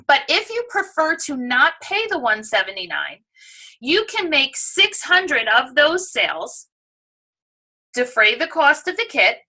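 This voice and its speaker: A woman with a New York accent giving an enthusiastic, persuasive sales pitch to prospective sellers. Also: bright, forceful tone, poor audio. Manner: enthusiastic, persuasive, acts out shoppers' voices. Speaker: direct sales presenter.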